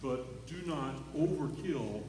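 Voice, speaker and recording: A man's voice: mid-range voice, expressive, slow, darkish tone, a little hiss or hum. A man leading a choir rehearsal, coaching singers and demonstrating phrases by singing them in a chatty, encouraging way. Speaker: choir director. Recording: echoey hall from far off.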